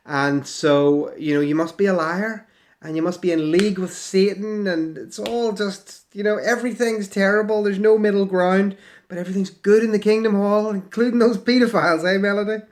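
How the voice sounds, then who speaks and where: A man in his forties with a high-pitched voice reads out hostile online comments and fires back with sarcasm. His delivery is mocking and casual, the talk of a video host. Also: fairly even intonation, moderate pace, a little mellow. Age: 40s. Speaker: YouTube host. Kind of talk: reading and answering hostile comments.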